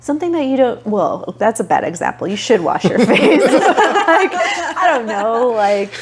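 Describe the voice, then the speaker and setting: A woman's voice: a little high, unhurried, very noisy. A woman guest, an artist, chatting casually and agreeably in a podcast interview, full of "like". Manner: relaxed, agreeable, heavy use of "like". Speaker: guest, artist and small-business owner.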